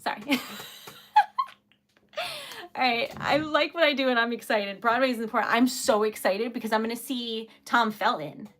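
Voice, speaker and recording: A woman's voice: on the high side, moderate pace, long pauses, fairly bright tone, a little hiss or hum. A young woman chatting casually and giggling often on her own craft livestream, calling herself a really emotional lady. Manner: bubbly, giggly, chatty, self-described emotional. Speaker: livestream host making wax seal crafts.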